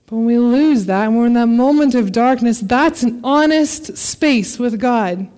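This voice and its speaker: Female preacher, high voice, expressive scripture reading, parent. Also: unhurried. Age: adult parent. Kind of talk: sermon.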